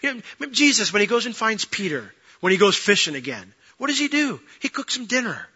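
A man preaching a sermon, animated, swinging between loud bursts and hushed asides while acting out the quoted voices. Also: sits high, brisk, hardly any pauses, breathy edge. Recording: dull lo-fi sound.

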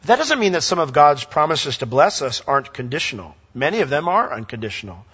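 High bright preacher guy, animated, acting out bits mid-sermon, long hall echo, kinda muffled. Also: quick pace, husky. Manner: animated, acts out dialogue and reads scripture aloud. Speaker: pastor. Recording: lo-fi sound with long hall reverb.

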